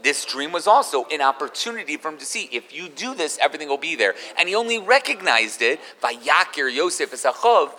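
Man, fairly high and bright voice, animated Torah class, long hall reverb. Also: fairly quick, hardly any pauses. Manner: animated, mixes in Hebrew terms. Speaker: rabbi giving a Torah class.

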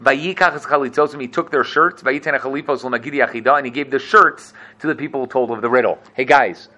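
A man teaching a lively Torah class, acting out quotes and asking "right?" often. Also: mid-range voice, fast. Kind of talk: animated classroom Torah lesson.

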